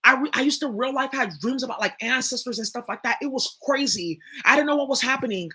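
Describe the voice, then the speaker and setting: A woman's voice: sits high, quick pace, bright, forceful tone, husky. A young woman, talking straight to her viewers in a blunt, profane, emphatic monologue. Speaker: spiritual reader and channel host. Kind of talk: casual spoken monologue.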